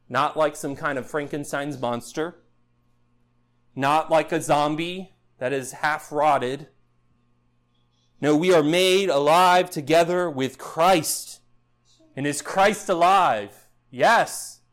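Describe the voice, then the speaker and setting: A man preaching a sermon in an earnest style, building up loud passages and then dropping low and quiet. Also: slow, pauses often. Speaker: pastor.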